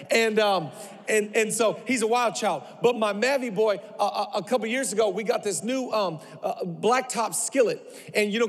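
High-voiced, lively preacher in a big hall. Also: male voice, husky. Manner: animated, storytelling, humorous. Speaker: pastor. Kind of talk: sermon. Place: large church hall. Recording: long reverb of a large hall.

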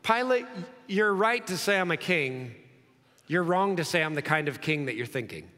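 A man preaching an expository sermon, acting out the dialogue and dropping low and slow for emphasis. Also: animated, pushed and bright. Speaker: pastor. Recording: long hall reverb.

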